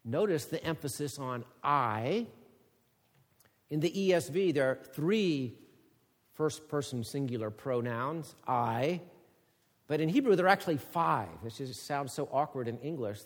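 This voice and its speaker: A man preaching an expository sermon, reading scripture aloud and rising to a loud, emphatic voice on the quoted words. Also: medium pitch, animated, a little slow, in a large hall. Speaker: pastor.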